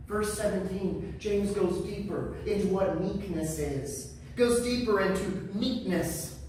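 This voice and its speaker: A man's voice: high voice, slow, darkish tone, a little hiss or hum. A man preaching a sermon as pastor, emphatic and repeating key phrases for weight. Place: church sanctuary. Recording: echoey church from far off.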